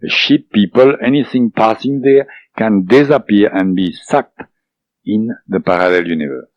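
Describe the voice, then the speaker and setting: A man with a French accent tells a personal story in an interview, halting often to restart his sentences. His voice sits fairly low. The audio is dull and dry, with a muffled, low-fidelity sound. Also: no echo. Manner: hesitant, with many fillers and restarts. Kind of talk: recounting a personal experience.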